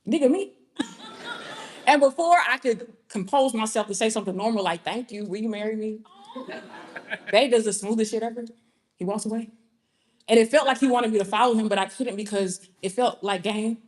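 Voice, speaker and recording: A woman's voice: fairly high pitch, fairly quick, a little mellow. Southern woman telling a comic spoken-word story. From Georgia, US. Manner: comic, conversational storytelling with audience asides. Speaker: performance poet.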